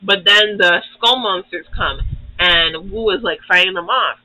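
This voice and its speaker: A young man with a high, very bright voice gives a casual, swear-filled recap of a show, rambling from point to point. The recording is dry and close, with no room sound at all. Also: unhurried, dry recording, rough recording. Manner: profane, rambling, acts out characters. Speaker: YouTube host.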